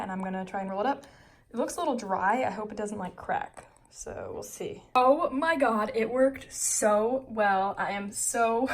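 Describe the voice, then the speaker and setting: A young woman co-hosting a food channel, talking casually through a recipe with lots of fillers and giggles. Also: mid-range voice. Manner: chatty, filler-heavy, giggly. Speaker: co-host. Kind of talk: casual cooking vlog narration.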